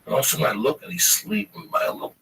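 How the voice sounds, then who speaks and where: A man's voice: fairly high pitch, very animated, very fast, gravelly, fairly bright tone. A man telling a rambling, profane story in casual chat. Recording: distant mic with faint noise.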